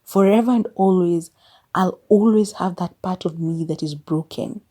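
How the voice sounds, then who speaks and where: A Kenyan woman in her thirties reflects on her life in a podcast monologue. Her voice sits a little low and sounds warm and soft rather than bright. She speaks candidly, mixing in Swahili phrases, and now and then pushes her point with exasperated emphasis. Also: moderate pace. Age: 30s. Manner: mixes English with Swahili phrases. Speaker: podcast host.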